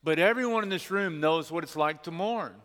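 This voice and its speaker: Earnest pastor preaching in a reverberant hall. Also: male voice, on the high side, a bit bright. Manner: earnest storytelling, slowing for emphasis. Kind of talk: sermon. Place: church sanctuary.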